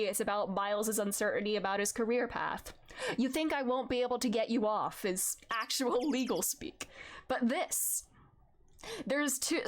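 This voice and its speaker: A woman's voice: a little high, a little hiss or hum. A woman streamer giving casual, giggly commentary while she plays a game, recorded at a desk microphone in her home setup. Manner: giggly, animated.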